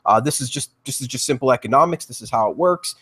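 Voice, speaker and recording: A man's voice: medium pitch, animated, fast, pushed and bright, breathy edge. A man talking eagerly on a live panel show, with frequent restarts and repeated words. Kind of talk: casual crypto panel talk.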